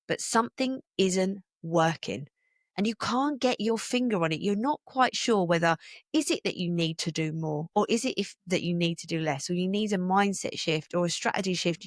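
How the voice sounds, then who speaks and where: A British woman in her forties talks straight into a close, dry podcast mic. Her voice sits a little low, and her delivery is chatty, rambling and heartfelt. She hosts the show and coaches her listeners. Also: no echo. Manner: chatty, rambling, gets emotional. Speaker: podcast host and business coach. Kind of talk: casual podcast monologue.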